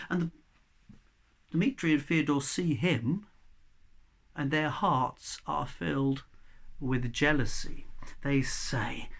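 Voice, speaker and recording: A male storyteller telling a folk tale aloud, swinging between loud passages and hushed whispers. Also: fairly high pitch, expressive, a little slow, gravelly.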